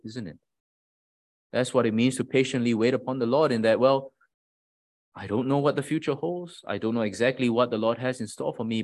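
A man preaching a sermon in an earnest, emphatic way, asking rhetorical questions and often repeating words as he builds his point. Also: mid-range voice.

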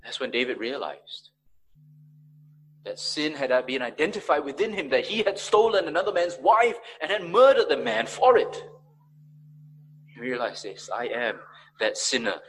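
Husky-voiced preacher delivering a sermon. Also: male voice, big pitch swings, normal speed, pauses often, poor audio. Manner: dynamic preaching, rising to emphatic peaks and dropping low. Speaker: pastor.

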